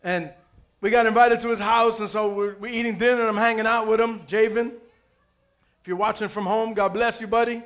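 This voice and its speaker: A man's voice: high voice, fairly quick. A man pastor preaching a sermon, telling stories playfully, calling for amens and raising his voice at key points. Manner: lively, playful storytelling with calls for amen.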